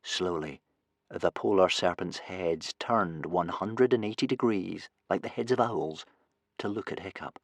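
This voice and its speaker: A man reading a children's adventure audiobook with expressive storytelling. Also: low voice, unhurried, no echo, clean studio sound. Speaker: audiobook narrator. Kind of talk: scripted narration.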